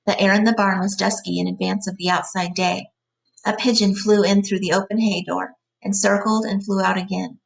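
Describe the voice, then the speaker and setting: Gravelly-voiced woman reading a novel aloud to a class, explaining words as she goes. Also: medium pitch, level tone, moderate pace, far from the mic. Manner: plain reading with side glosses.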